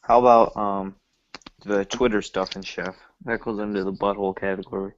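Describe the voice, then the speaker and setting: A man's voice: fairly low pitch, fairly even intonation, moderate pace, a little hiss or hum. A man in casual movie chat, teasing and blunt. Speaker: co-host. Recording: dull lo-fi recording.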